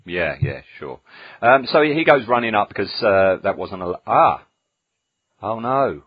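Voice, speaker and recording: A man's voice: low-pitched, very animated, moderate pace, slightly rough, dry recording, highs cut off. Man, podcast host, casual chat, dry humor, dead dry sound. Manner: musing, dry jokes, many fillers.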